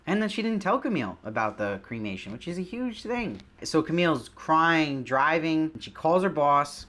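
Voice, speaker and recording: A man's voice: fairly high pitch, a bit bright. A man hosting his own show, giving a casual, enthusiastic spoken review of a TV episode and putting questions to his audience.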